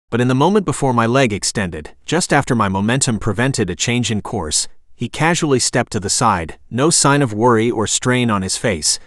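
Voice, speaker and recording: Audiobook narrator, male, mid pitch, steady first-person storytelling, dead-dry booth sound. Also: no room sound.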